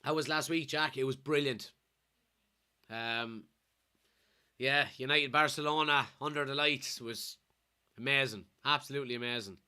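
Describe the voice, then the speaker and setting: An Irish man from Kilkenny with a blocked nose from a cold, excitedly commenting live on a football match and reading out chat messages as a watchalong streamer. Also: mid-range voice, normal speed, long pauses, smooth. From Kilkenny, Ireland. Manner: excitable, shouts at players and referee.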